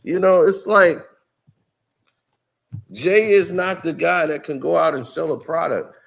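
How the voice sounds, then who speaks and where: A man's voice: on the high side, unhurried, vocal fry, fairly bright tone. A man giving casual commentary, explaining and asking rhetorical questions. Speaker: commentary streamer.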